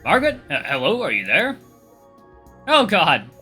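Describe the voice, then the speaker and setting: A man's voice: fairly high pitch, wildly swooping pitch, normal speed, bright, forceful tone, soft background music, exaggerated voice. A man voicing a worried young man who calls out to check on his friend. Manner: concerned, calling out.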